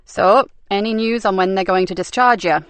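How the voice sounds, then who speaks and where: A woman voicing a tough, blunt female detective inspector, speaking brisk, loud and wry. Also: mid-range voice, clear, resonant tone, no echo, close to an everyday voice.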